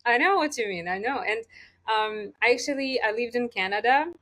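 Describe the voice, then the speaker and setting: A woman's voice: on the high side, expressive, normal speed, sharp tone. Chatty woman coach with a lilt. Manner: chatty, laughs often, frequent fillers. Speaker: communication coach. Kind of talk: casual interview conversation.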